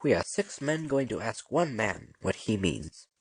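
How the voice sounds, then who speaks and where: A woman's voice: extremely low pitch, sing-song, measured pace, husky, no echo, pitched below the performer's own voice, full character voice. A woman reading an audiobook, voicing a jovial, boisterous male doctor with thick emphasis. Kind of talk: audiobook narration.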